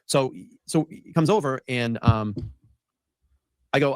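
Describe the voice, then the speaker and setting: In a dry, studio-quality recording, a host with a medium-pitched, sing-song voice at normal speed tells a long, rambling story in casual chat. He acts out the lines people said as he goes.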